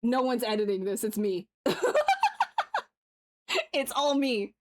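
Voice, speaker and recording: A woman with a fairly high voice chats with her stream audience while she works, mixing quick software tips with jokes. Her talk is loose and playful, with casual swearing. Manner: chatty, jokey, swears freely. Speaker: livestreamer sculpting digital art.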